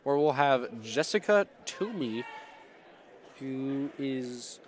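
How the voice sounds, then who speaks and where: A man doing live play-by-play commentary at a school wrestling meet, excitable and rambling, often stopping to apologize. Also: medium pitch, takes it slowly. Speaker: play-by-play announcer. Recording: loud gym crowd noise. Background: cheering crowd and shouting coach.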